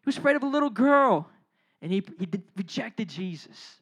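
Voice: mid-range voice, expressive, brisk, fairly bright tone, slightly rough. A preacher giving a casual, conversational sermon, retelling a Bible story in slang, acting out the characters' lines and putting questions to the listeners. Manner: asks the audience questions and addresses them directly.

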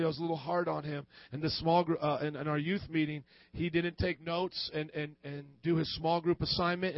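A man preaching as a pastor, animated and jokey, poking fun at himself as he talks. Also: on the high side, no echo, lo-fi sound. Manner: animated, acts out quoted voices; jokey and self-deprecating. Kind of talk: sermon.

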